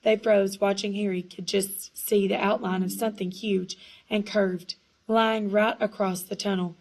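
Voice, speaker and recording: A woman reading a storybook aloud in a hushed, suspenseful manner, now and then correcting small slips. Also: medium pitch, little pitch movement, measured pace, rough recording. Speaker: audiobook reader. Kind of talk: storybook narration.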